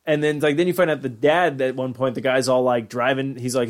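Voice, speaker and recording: Young guy on a podcast, rambling and swearing a lot, like every other word, medium-pitched voice. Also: fast talker, hardly any pauses. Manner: rambling, profane, full of "like" fillers. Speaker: podcast co-host. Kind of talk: casual podcast chat.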